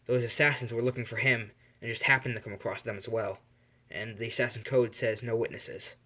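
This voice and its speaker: A man voicing a calm, blunt young assassin. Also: medium pitch, a little fast. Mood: matter-of-fact.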